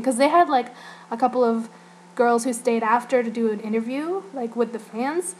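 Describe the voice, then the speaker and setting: A young woman recounts her day at a filming in a rambling, giggly vlog, stringing her thoughts together with constant fillers. Her voice sits a little high. A faint hiss runs under the recording. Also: fairly even intonation, normal speed, darkish tone. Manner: rambling, giggly, heavy use of "like". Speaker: fan vlogger. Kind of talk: casual recap vlog.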